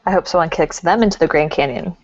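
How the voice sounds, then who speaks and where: A woman's voice: on the low side, fast talker, a little mellow, dry recording. A woman co-hosting a casual talk show as the psychic, chatty and giggly. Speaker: co-host, psychic. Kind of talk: casual chat. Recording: dull lo-fi sound.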